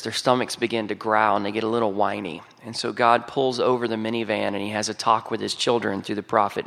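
A man's voice: mid-range voice, gravelly, a bit bright. A man with a Southern US accent preaching a humorous sermon, telling the story in a folksy, joking way. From Southern United States. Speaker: pastor. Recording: long hall reverb.

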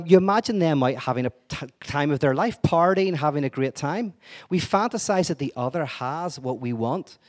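A man giving an energetic, digressive lecture-style talk, full of wry asides and restarts. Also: on the high side.

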